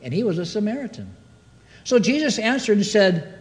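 A man's voice: high voice, very animated, brisk, big-room sound. A man preaching a sermon to a congregation, reading scripture and asking the room call-and-response questions. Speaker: pastor. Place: church sanctuary.

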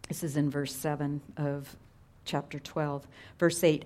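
A middle-aged woman preaching a sermon in an earnest, conversational way, dropping to hushed tones for emphasis. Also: sits low, steady tone, unhurried.

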